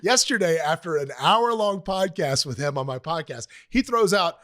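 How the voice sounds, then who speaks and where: A man's voice: high-pitched, lively intonation, normal speed, few pauses, a bit bright, dry recording, studio quality. A man hosting a podcast interview who tells a story with animation and acts out the quotes. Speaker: podcast host. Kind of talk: casual interview.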